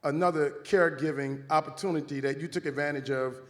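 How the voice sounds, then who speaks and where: A man moderating a screening Q&A in a large hall, speaking in a steady, preacherly cadence. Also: fairly high pitch, quick pace. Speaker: panel moderator. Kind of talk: hosting a screening Q&A. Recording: reverberant hall.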